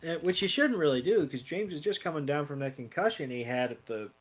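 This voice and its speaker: A man's voice: a little high, lively intonation, a little fast. Man narrating an episode recap. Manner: narrates plot with quoted lines and fillers. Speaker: podcast co-host. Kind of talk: casual chat recapping an episode.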